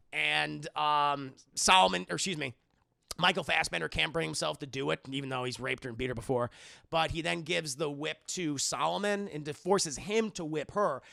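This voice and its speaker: A man casually recapping a film for his stream chat, telling it in an animated, profane way. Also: a little high, normal speed, creaky, dry recording, studio quality. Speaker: movie reviewer streaming to chat.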